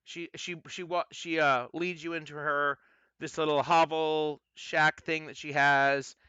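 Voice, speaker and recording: A man's voice: fairly high pitch, level tone, a little slow, pushed and bright, smooth, dry recording, lo-fi sound. A man narrating as game master, hesitant with many fillers and restarts. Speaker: dungeon master.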